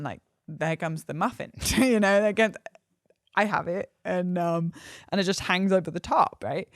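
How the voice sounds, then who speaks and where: A woman hosting a podcast, telling a chatty, animated story full of fillers and laughter. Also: fairly low pitch, dry recording, studio quality. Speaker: podcast host. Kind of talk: casual solo podcast monologue.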